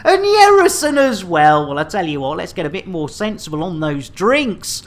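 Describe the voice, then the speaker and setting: A man's voice: high voice, very animated, moderate pace. A man commentating his live game stream, chatting with viewers in a jokey manner full of innuendo.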